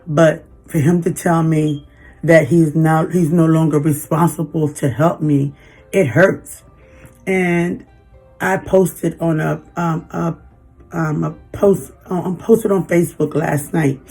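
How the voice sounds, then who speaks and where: A woman in her fifties venting in a personal vlog, halting and emotional, holding back tears. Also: low voice, a little mellow. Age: 50s. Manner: emotional, halting, frequent restarts. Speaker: vlogger.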